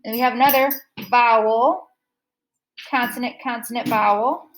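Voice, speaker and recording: A high-pitched woman teaches a phonics lesson to young students. She says each word slowly and again and again to stress the right syllable. A faint hiss sits under her voice. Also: steady tone, rough recording. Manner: slow, repeats words to stress syllables. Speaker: second grade teacher.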